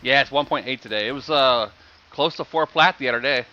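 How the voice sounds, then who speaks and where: A man streams a game live, talking casually to his viewers. His voice is bright and forward. It comes through slightly muffled stream audio. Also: mid-range voice, fairly quick, soft background music. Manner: chatty, explains game economy and thanks viewers.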